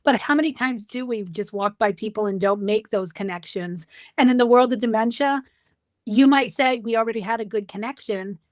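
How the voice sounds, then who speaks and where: A middle-aged woman speaks as a guest expert, telling vivid stories and acting out both sides of each conversation. Her voice sits a little high and comes through dry and close, with no room around it. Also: normal speed, dry recording. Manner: storytelling, animated, acts out dialogue. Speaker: dementia care expert, guest. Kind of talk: conversational podcast interview.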